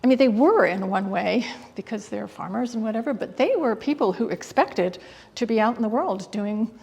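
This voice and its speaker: A woman curator speaks in an interview with a gravelly, breathy voice. She talks eagerly but haltingly, restarting sentences and filling gaps with "um". Her voice carries a long reverb from the hall. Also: on the high side, expressive, darkish tone. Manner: enthusiastic, hesitant with many fillers and restarts. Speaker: guest curator. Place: exhibit hall.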